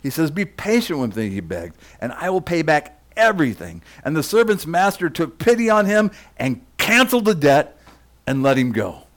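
A male pastor giving a sermon in a lively, conversational way. His voice sits a little high for a man and swings widely in pitch as he reads scripture aloud. He keeps dropping into friendly asides to the congregation. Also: normal speed.

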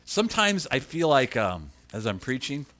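Here a medium-pitched man gives a lively sermon as pastor, swelling loud for emphasis and easing his pace on key lines. Casual asides to the congregation pepper his preaching.

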